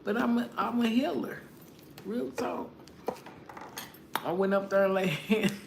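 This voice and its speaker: A woman's voice: mid-range voice, a little slow, creaky. A middle-aged woman giving a casual tarot reading, blunt and profane, laughing often as she talks. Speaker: tarot reader. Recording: echoey room with faint noise.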